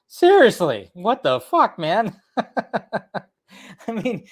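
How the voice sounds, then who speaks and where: A male host giving casual movie news commentary, excitable, swearing freely and laughing often. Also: high-pitched, slow. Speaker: host of a film news channel.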